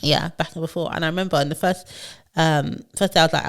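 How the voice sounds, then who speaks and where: A woman co-hosting a podcast in casual chat, telling stories in a lively way. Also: low-pitched, rapid-fire, creaky, hardly any pauses. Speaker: podcast co-host.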